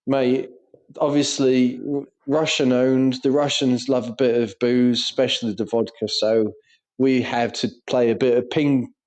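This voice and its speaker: A man's voice: mid-range voice, level tone, unhurried, a little mellow. A young man co-hosting a podcast, chatting casually and swearing through stories and banter. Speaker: podcast co-host. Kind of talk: casual chat.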